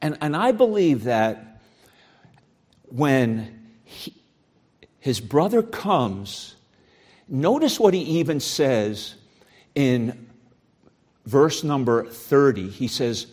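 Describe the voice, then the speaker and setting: A male pastor preaching a sermon, swinging from loud outbursts to quiet asides. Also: medium pitch, very animated, drawn-out words, long pauses.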